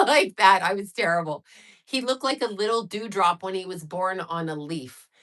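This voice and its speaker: A woman's voice: lowish voice, normal speed, a bit bright. A middle-aged woman chatting casually and rambling on her livestream, reacting to viewer comments as she goes. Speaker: livestream host.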